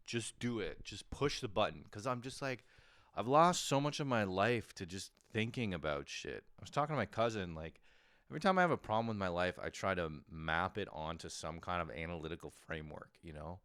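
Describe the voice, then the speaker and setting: A man's voice: deep voice, expressive, fairly quick, fairly bright tone, smooth. A man hosting a casual comedic monologue from home, rambling, self-mocking and swearing freely. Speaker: podcast host.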